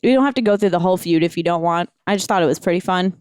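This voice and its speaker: A woman co-hosting a podcast in casual chat, reacting quickly with animated comments. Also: on the low side, clear, resonant tone, no echo, studio quality. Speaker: podcast co-host.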